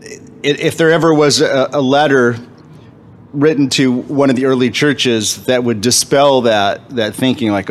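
A man leads a laid-back men's Bible study, speaking at a middle pitch with halting phrasing, frequent fillers and restarts. His manner is friendly and self-deprecating, sometimes talking around a bite of food. A faint ambient noise sits under the voice. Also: fairly even intonation. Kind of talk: casual Bible teaching.

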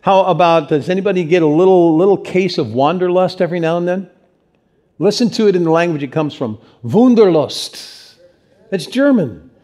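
Animated preacher man, fairly high voice. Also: fairly quick. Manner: animated preaching with rhetorical questions to the congregation. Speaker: pastor. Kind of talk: sermon.

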